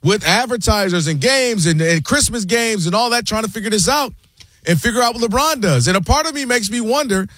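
A man's voice: high voice, animated, fairly quick, a bit bright, no room sound. A man co-hosting a sports talk show, making long, impassioned arguments and addressing his co-host by name. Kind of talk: animated sports debate.

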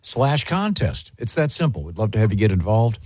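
A man's voice: on the low side, sing-song, fairly quick, a little mellow, husky, dry recording. A man co-hosting a morning radio show in a studio, bantering casually with dry jokes and lots of ums and uhs. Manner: dry jokey delivery with many fillers. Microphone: studio microphone.

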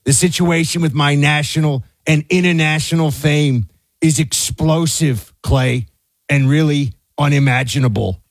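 A male talk radio co-host delivers heated political commentary with a fairly high voice. His tone is indignant and at times rises to a shout. The studio sound is close and dry. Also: a little slow, no room sound.

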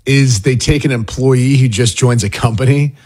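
A man's voice: medium pitch, moderate pace, a little mellow, slightly rough. A man co-hosting a sports radio show, telling stories and laughing. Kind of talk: casual radio banter. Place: radio studio.

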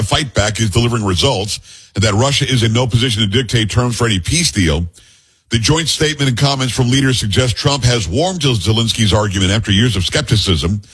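Male talk radio host, slightly husky, conversational news reader with blunt asides. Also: medium pitch, fairly bright tone. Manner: reads news aloud with blunt personal asides. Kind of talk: opinionated talk radio commentary.

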